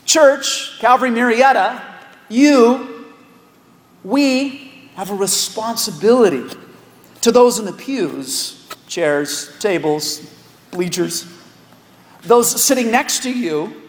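A man preaching a sermon as pastor, animated, with joking asides and repeated words. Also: high voice, slow, pauses often. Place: large church hall. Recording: echoey hall with long reverb.

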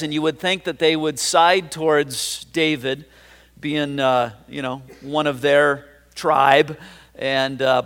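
Conversational pastor in a reverberant hall. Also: male voice, a little high, fairly bright tone. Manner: conversational, with frequent fillers and restarts. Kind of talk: sermon.

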